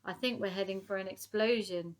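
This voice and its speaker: A woman voicing a little old male soldier who gives gruff, bossy commands in a storybook. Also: medium pitch, fairly even intonation, brisk, natural voice. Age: older.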